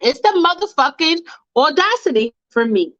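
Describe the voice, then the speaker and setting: A woman's voice: high-pitched, big pitch swings, normal speed, fairly bright tone, no room sound, dull audio. A woman hosting a fan livestream, ranting bluntly and with lots of swearing while talking to her chat. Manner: blunt, profane, fired-up, talks to chat. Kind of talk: casual livestream rant.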